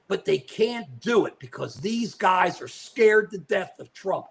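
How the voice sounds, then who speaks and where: A man's voice: high voice, lively intonation, unhurried, gravelly. An older man co-hosting a live political talk show, delivering outraged, emphatic commentary, repeating phrases and turning to his co-host by name.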